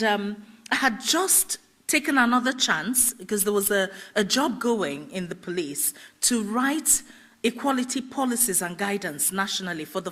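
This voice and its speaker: Woman, middle-aged, festival speaker, personal story, animated, laughs a lot, very lively melody. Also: mid-range voice. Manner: animated, laughs often, acts out quoted dialogue. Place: festival stage.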